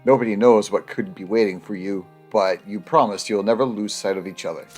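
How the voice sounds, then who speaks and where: A man's voice: lowish voice, brisk, over music. A man reading out a story game's text in a let's play, breaking into jokes and laughter. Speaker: gamer reading the game text aloud. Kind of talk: let's play narration and banter.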